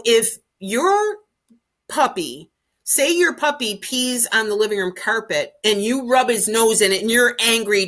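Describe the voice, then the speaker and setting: Earnest lady giving puppy training tips, lots of ums, bright kinda high voice. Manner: earnest, repetitive, conversational with many fillers. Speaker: dog trainer. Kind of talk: casual instructional talk to camera.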